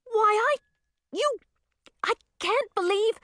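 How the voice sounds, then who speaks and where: A woman voicing an earnest young princess in an audiobook, with a high, indignant voice. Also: animated, normal speed, a bit bright, no echo, clean studio sound. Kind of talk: audiobook character voice.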